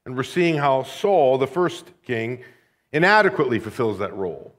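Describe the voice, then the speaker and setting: A man's voice: mid-range voice, big pitch swings, normal speed, fairly bright tone. An American man from the Chicago area preaching a sermon, telling stories in a conversational, wry, humorous way. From Rockford, Illinois, USA. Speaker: pastor. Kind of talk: sermon with personal storytelling.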